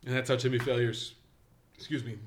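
A man's voice: mid-range voice, level tone, fairly quick, slight background noise. A man co-hosting a casual film review podcast, talking enthusiastically and swearing casually. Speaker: podcast co-host.

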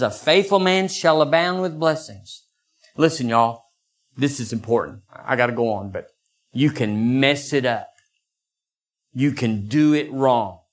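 Older man, pastor preaching, mid-pitched voice, pitch leaping up for quoted lines. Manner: animated, acts out voices with sudden high pitch jumps. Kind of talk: sermon.

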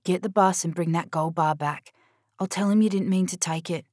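A woman reading the part of a blunt older sister on the phone, loud and chiding. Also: lowish voice, normal speed, no echo, clean studio sound, close to an everyday voice. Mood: coaxing. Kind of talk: audiobook character voice.

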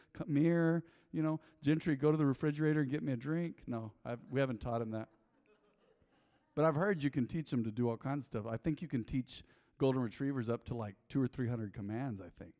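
A man preaching a sermon to his congregation in a conversational way, with joking asides, moving from quiet low remarks to loud emphatic reading. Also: vocal fry. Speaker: pastor. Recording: long hall reverb.

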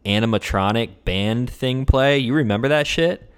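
A man's voice: medium pitch, normal speed, clean tone. A young man in casual chat among friends, blunt and laid-back, swearing freely.

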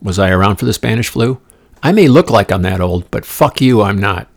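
A low, gravelly male voice rambles through a solo comedy podcast from a condo room. He swears freely, wanders off on tangents and drops into whispered asides before bouncing back. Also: expressive, brisk. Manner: profane, digressive, playful asides and whispered jokes. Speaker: podcast host.

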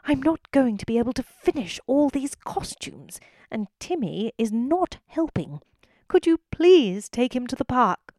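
A gentle mother goat from a storybook, harassed and close to wailing, her voice pushed up high with worry, as a woman puts her on. The sound is dry and close to the mic. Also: big pitch swings, measured pace, dry recording. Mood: desperate. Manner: desperate, wailing. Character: flustered, kind mother goat, female. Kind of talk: storybook reading.

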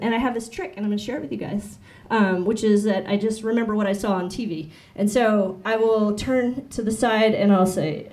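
A woman's voice: medium pitch, a little fast, few pauses, a little mellow. A young woman performing a rambling, self-deprecating stand-up set with lots of ums and giggles. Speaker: stand-up comedian. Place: club stage with audience.

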